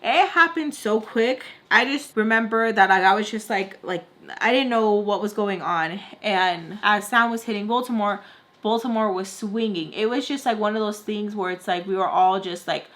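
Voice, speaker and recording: Young woman spilling a storytime over her makeup, says "like" nonstop, tosses in spanish words, mid-pitched voice. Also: moderate pace. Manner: rambling, heavy "like" fillers, animated retelling. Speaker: beauty vlogger. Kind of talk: storytime while doing makeup.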